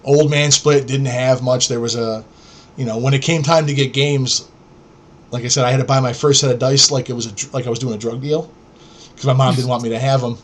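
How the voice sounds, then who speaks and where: A man's voice: medium pitch, steady tone, fairly quick, slight background noise. A middle-aged man from New York, a podcast host telling stories in a blunt, profane, rambling way. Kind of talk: casual storytelling.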